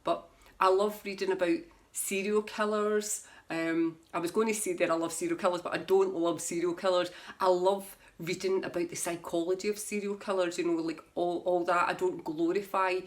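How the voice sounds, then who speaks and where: A woman with a slightly low voice chats casually about her favourite books. She reads tarot and rambles from one thought to the next. She often laughs at herself. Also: level tone, moderate pace. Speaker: tarot reader. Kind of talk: casual book chat to camera.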